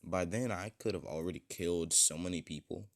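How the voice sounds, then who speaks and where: A man voicing a cold, scornful young male vigilante who kills villains, in a flat, dismissive tone. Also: low-pitched, fairly quick, gravelly.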